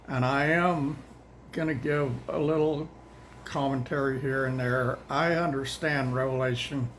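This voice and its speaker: A man's voice: medium pitch, fairly bright tone, a little hiss or hum, low-quality recording. An older man, chatting casually and rambling to viewers about a daily Bible reading plan, a little out of breath. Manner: folksy, plain-spoken, says y'all; rambling, halting, restarts often.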